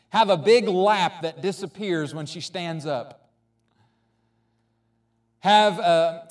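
A preacher reading as the Lord, proud and tender. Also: male voice, sits high, distant mic.

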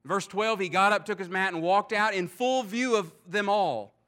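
A man preaching a sermon, animated, now and then acting out the voices of people in the story. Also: sits high, normal speed. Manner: animated, acts out voices of onlookers, chuckles. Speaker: pastor.

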